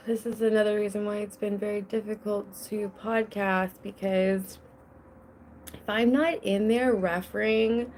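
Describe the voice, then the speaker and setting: Recording at home with children nearby, a young woman runs a casual solo podcast, rambling and restless, frequently cutting herself off mid-sentence. She speaks unhurriedly at a medium pitch with little pitch movement, in a slightly mellow tone. A little hiss or hum is present.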